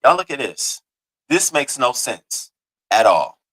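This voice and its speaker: A man's voice: mid-range voice, big pitch swings, slow, a crowd in the background, noisy background. A man hosting a news commentary show, reacting bluntly and indignantly to a video in casual, profane talk. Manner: blunt, indignant, swears freely.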